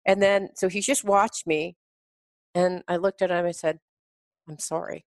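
A woman hosting a casual conversation, telling a personal story in a lively way and murmuring agreement often. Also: lowish voice, measured pace, no room sound.

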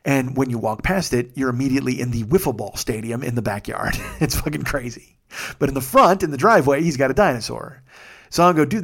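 Excitable, profane man telling a story. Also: a little high. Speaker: podcast host. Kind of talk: casual storytelling monologue.

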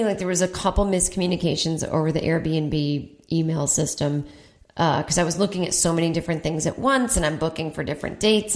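Chatty profane woman telling a story. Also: on the low side. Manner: chatty, profane, self-mocking, quotes people in put-on voices. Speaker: comedy podcast host. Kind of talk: casual storytelling monologue. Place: at home.

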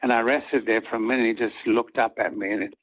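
An older man, an actor guest in an interview, telling reflective stories in an earnest, halting way with many restarts. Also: lowish voice, steady tone. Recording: dull lo-fi audio.

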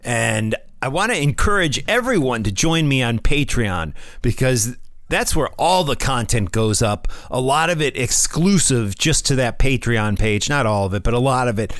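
Casual American podcast host, dry sound. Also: male voice, mid-range voice, expressive, moderate pace, a bit bright, no room sound. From United States. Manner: rambling, casual, repeats words and restarts. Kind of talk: casual solo podcast chat. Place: home room. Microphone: phone.

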